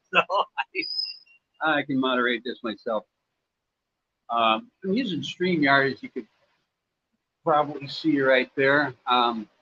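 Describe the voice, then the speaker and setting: Broadcasting from his Cambodian home, a man from the United States fields viewer questions on a relaxed livestream, wandering through his answers and using plenty of fillers. His mid-range voice is bright and forceful. There's a slightly dull quality to the recording and some faint noise behind him.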